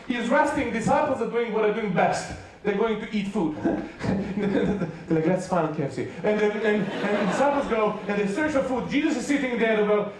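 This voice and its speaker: High-voiced Serbian preacher in echoey hall. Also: male voice. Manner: playful storytelling with jokes and quick asides. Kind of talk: sermon to a youth rally. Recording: very echoey hall, mic far off.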